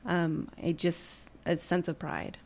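A woman with a lowish, gravelly voice, speaking in a halting, thoughtful way about her work as a performer. She restarts phrases often as she hunts for the right words. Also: level tone, a little mellow. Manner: reflective, halting, searching for words. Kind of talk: casual conversation.

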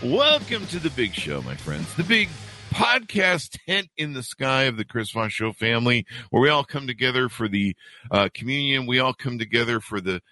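A man's voice: mid-range voice, big pitch swings, moderate pace, sharp tone, soft background music. A man hosting a podcast, joking and rambling with self-mocking asides. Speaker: podcast host. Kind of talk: casual rambling podcast intro and interview.

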